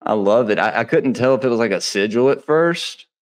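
A man's voice: mid-range voice, lively intonation, fairly quick. A man from Mississippi, chatting as a podcast guest in a slangy style, full of "dude" and "bro". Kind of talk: casual podcast chat.

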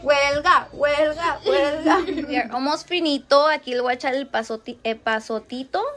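High-voiced, foul-mouthed woman cooking. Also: fast talker, background noise. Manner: swears freely, mixes Spanish and English, jokey and candid. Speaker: cooking vlogger. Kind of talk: casual cooking tutorial. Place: home kitchen.

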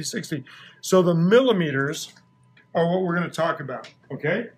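A man's voice: on the high side, expressive, normal speed. A man in his sixties teaching a science lesson to a class, playful and quizzing the kids. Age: 60s. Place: school classroom. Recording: echoey classroom from far off.

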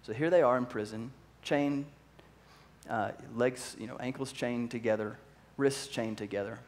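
Speaking at a normal speed in a mid-range voice, this male pastor delivers a lively sermon. He acts out different voices and asks the audience questions.

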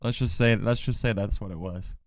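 A man's voice: on the low side, fairly quick, no room sound. A man streaming live, chatting casually and trading teasing jokes with his viewers. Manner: joking, teasing banter. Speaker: livestreamer. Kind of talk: casual livestream chat.

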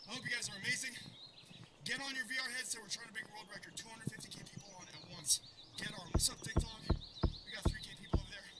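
A man streaming a VR game, commentating loudly, shouting and laughing as he plays, a bit out of breath. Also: extremely high pitch, fairly even intonation, very fast, heavy background noise. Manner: hyped, shouting and laughing while playing. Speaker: gaming livestreamer. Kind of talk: excited livestream commentary.

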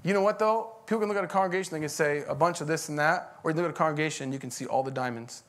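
A man's voice: on the high side, rapid-fire, a bit bright. A middle-aged man, a pastor, preaching a conversational sermon that rises into emphatic bursts.

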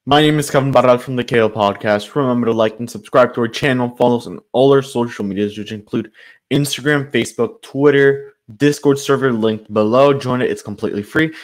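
A man's voice: mid-range voice, brisk. A man hosting his own sports channel, giving a frustrated, loosely improvised commentary rant full of restarts.

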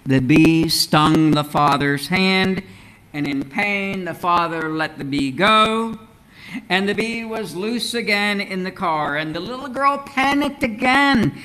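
Slow-preaching earnest male pastor. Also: sits high, sharp tone, clean tone, rough recording. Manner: measured, earnest preaching with rhetorical questions. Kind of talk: sermon. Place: church sanctuary.

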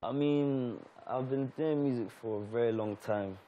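A man's voice: medium pitch, moderate pace, highs cut off, slight background noise. A man with a London accent, a guest musician chatting casually in an interview, laid-back and hesitant with many fillers. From Nigeria.

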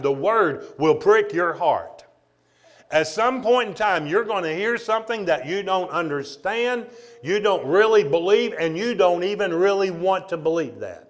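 A man preaches a church sermon in a slightly raised voice. He is emphatic and keeps checking in with the congregation with "Amen?". He drops low and quiet, then builds back up. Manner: swings between loud and quiet delivery. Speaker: pastor. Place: church, streamed online.

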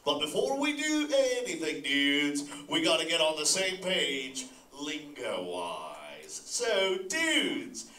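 A man with a rather high, exaggerated voice talks slowly and with few pauses, playing a chilled-out surfer sea turtle dad who keeps saying "dude," laughs a lot, and chats directly with a live audience in a stoked, relaxed, lively way. He sounds distant in an echoey hall, with a faint hiss or hum.

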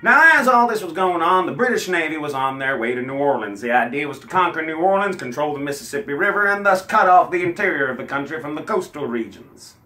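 Bard-type male storyteller, bright and a bit high-voiced, wisecracking comic history with guitar behind. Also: lively intonation, quick pace, hardly any pauses. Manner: wisecracking, breaks into song. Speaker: folk singer and storyteller.

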